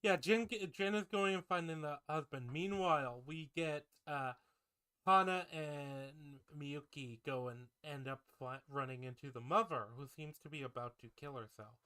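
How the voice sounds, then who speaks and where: A man with a bright, clear, crisp voice that sits a little high, walking through a film's plot on a casual podcast. His recaps are loose and laced with swearing. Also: normal speed. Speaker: podcast co-host. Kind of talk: casual film discussion.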